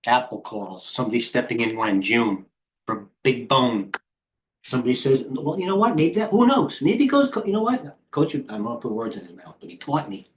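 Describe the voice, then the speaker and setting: A man's voice: medium pitch, sing-song, fairly quick, slight background noise. A middle-aged man hosting a live trading stream, tired, rambling off the cuff as he jumps between stock tickers. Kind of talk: live market commentary.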